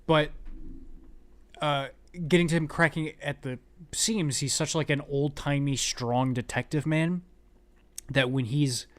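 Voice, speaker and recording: A man's voice: a little high, steady tone, measured pace, pauses often. A man hosting a podcast, chatting casually and enthusiastically about a movie, acting out scenes as he goes. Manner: enthusiastic, acts out scenes in quoted voices. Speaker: podcast host.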